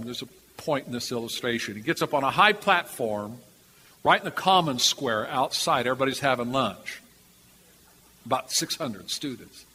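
An older man preaches with a high, bright voice that rings out. He tells his story in an animated way, repeating himself and chuckling. The sound echoes through a large hall over a faint background hum. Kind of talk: storytelling sermon.

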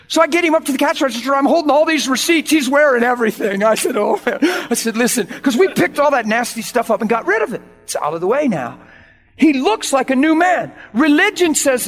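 A man's voice: very high-pitched, lively intonation, normal speed, a bit bright. A man preaching a sermon as a story, acting out quoted voices with bursts of laughter. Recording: long reverb with faint music.

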